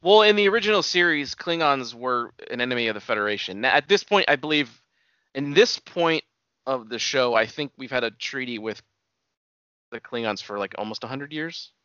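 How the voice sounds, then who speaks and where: Man, laid-back fan explaining lore, bright edge, dry close sound, slightly dull audio. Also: mid-range voice, expressive, moderate pace, clear, resonant tone, dry recording. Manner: knowledgeable fan, explains lore with hedging asides. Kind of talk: casual chat about a TV series.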